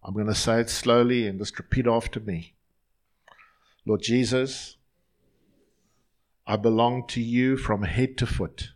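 A man's voice: medium pitch, steady tone, a little slow, long pauses. A male pastor leading his congregation in an earnest, line-by-line prayer during a sermon in a church.

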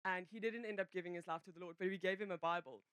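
A woman's voice: lowish voice, fairly even intonation, fast, clear, resonant tone, no room sound. A woman giving a personal testimony to a congregation, rambling and breaking off her sentences with many fillers. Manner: rambling, self-interrupting storyteller, many fillers. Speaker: church member giving a testimony.

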